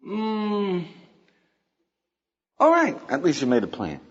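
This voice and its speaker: A man's voice: sits high, slow pace. An older man, a rabbi, giving an informal class, asking his students questions and acting out quotes. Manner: animated, asks the class questions, acts out quotes. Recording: dull lo-fi lecture recording.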